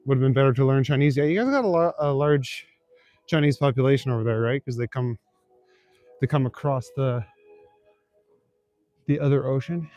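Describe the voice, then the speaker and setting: A man's voice: medium pitch, moderate pace, long pauses, dry recording, muffled recording. Young man, from Northern Ontario, casual streamer chat, swears easily, outdoors at night, dry close sound, faint music. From Northern Ontario, Canada. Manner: relaxed, swears casually, reads and answers chat. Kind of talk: casual live-stream chat while walking. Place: outdoors on city back streets at night.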